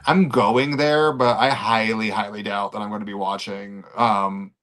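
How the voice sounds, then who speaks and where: A man's voice: lowish voice, fairly even intonation, unhurried, fairly bright tone. A man co-hosting a podcast in casual chat, sassy and playful. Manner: sassy, playful, breaks into sound effects. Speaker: podcast co-host.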